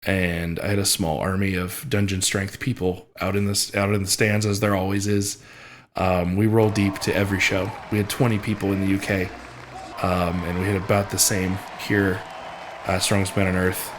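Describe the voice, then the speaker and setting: A young man with a deep, low voice talks through his competition in a vlog. He speaks haltingly and restarts often, full of fillers. He sounds choked up, close to tears. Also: little pitch movement, crowd noise, noisy background. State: emotional, near tears. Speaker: strongman athlete. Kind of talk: emotional vlog recap.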